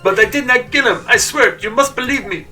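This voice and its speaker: A frightened French chef begging to be believed, in a thick put-on French accent, as a man voices him. The voice sits high and very bright, theatrical and pleading. It is heard a little far from the mic, with faint music behind. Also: fairly quick, heavily acted. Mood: desperate. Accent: exaggerated fake French.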